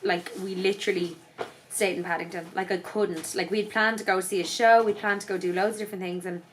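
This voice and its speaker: A woman's voice: medium pitch, steady tone, brisk, a little hiss or hum. A woman, sounding tired, chatting casually in a vlog and telling a story full of swearing and "like". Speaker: vlogger. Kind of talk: casual chat.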